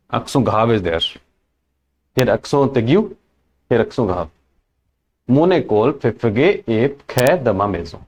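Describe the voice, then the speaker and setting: Slow, lively-voiced male French teacher. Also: medium pitch. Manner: repeats each example several times, checks with "right?" and "correct?". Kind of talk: slow, repetitive language lesson.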